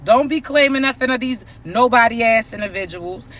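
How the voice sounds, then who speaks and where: A woman's voice: a little high, moderate pace, fairly bright tone. A woman on a phone live stream, ranting bluntly and with lots of profanity, then turning to a spiritual pep talk for her followers. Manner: blunt, profane, sassy, repeats herself.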